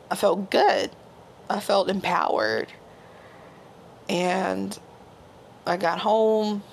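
A woman's voice: on the low side, gravelly, slight background noise. A woman, hosting and candidly telling a self-deprecating personal story, often laughing. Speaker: podcast host. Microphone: home microphone.

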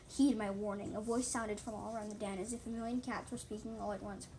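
A woman's voice: mid-range voice, steady tone, fast talker, a little mellow, slight background noise. A woman reading her own animal story aloud, stumbling and correcting herself often.

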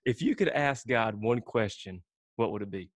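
A man hosting a casual church interview, asking rapid-fire questions with a joking manner and frequent laughs. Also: fairly low pitch, expressive, dry recording. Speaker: church podcast host.

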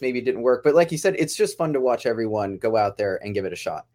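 A man's voice: mid-range voice, expressive, quick pace, few pauses, a little mellow. A man who writes and directs a podcast sitcom, talking casually in a rambling way, often breaking off mid-phrase and chuckling.

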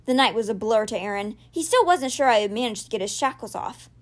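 A woman hosting a podcast, reading a children's novel aloud with expressive storytelling. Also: on the high side, fast. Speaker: podcast reader.

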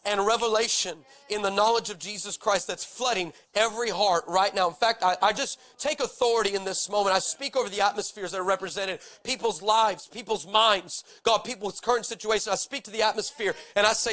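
A man preaching with a high, bright voice that carries and rings. He reads scripture dramatically and keeps the delivery animated and jokey. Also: fairly quick, hardly any pauses. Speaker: pastor. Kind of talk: sermon.

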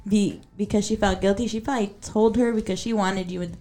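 A woman's voice: medium pitch, steady tone, a little fast, warm tone. Woman with blunt, teasing remarks. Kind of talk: casual podcast chat.

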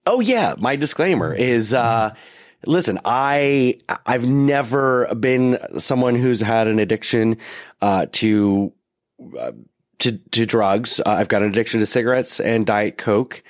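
A man's voice: mid-range voice, a little slow, no room sound, clean studio sound. A man co-hosting a podcast in casual chat, joking and poking fun at himself. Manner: joking, self-deprecating banter with many restarts. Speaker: podcast co-host.

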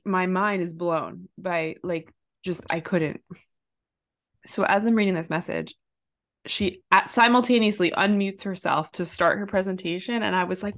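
Woman doing chatty storyteller, lively, laughs through her anecdote, spikes up for quoted outbursts. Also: moderate pace. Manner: animated, jumps high when quoting herself; lots of fillers and restarts, laughs while telling. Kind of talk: casual chat, anecdote.

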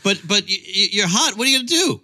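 A man hosting a podcast interview, jokey and teasing, stammering when excited. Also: sits high, quick pace. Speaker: podcast host.

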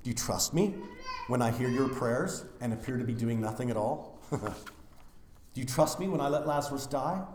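A man preaching a funeral sermon as pastor, swinging from loud declarations to hushed, near-whispered lines. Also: mid-range voice, steady tone, normal speed, roomy sound, slight background noise.

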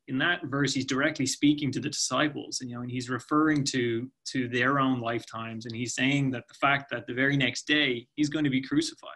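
Halting, thoughtful male podcast guest. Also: medium pitch, pushed and bright. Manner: thoughtful, halting, many "you know"s. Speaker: nonprofit ministry guest. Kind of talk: podcast interview answer.

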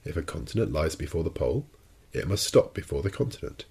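Brief: a man doing a proud sea captain for an audiobook, low gravelly rasp, ironic and coldly sure of himself. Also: sing-song, quick pace, a little mellow, exaggerated voice. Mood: assured. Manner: ironic and cold, unshakably confident. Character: cool, proud, commanding male sea captain. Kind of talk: audiobook character reading.

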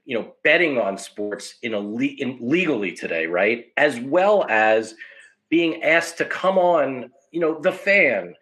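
A man hosting an interview, speaking in a halting, conversational way. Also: mid-range voice, expressive, a bit bright. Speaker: host. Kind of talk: casual interview.

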